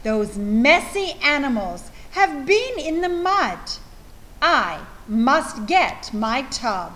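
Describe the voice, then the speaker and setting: A woman voicing a fussy, tidy farm woman who exclaims in a drawn-out singsong. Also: sits high, very animated, a bit bright, a little hiss or hum, exaggerated voice. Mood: scolding, pleased.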